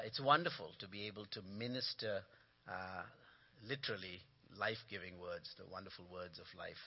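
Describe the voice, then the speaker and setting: Male guest preacher, animated sermon with call-and-response, mid pitch, muffled lo-fi audio. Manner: animated storytelling with punchlines and congregation call-and-response. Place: church sanctuary.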